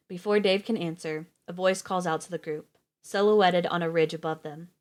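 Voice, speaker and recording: A woman reading a novel aloud on a live stream, steady with the odd slip and restart. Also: fairly low pitch, moderate pace, few pauses.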